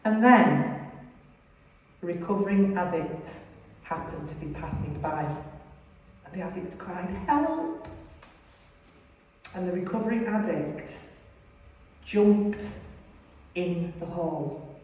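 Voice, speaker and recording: A woman's voice: on the low side, takes it slowly, pauses often, darkish tone. A woman giving an earnest, confessional testimony sermon at a recovery ministry, telling a story. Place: large hall. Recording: echoey hall, distant mic.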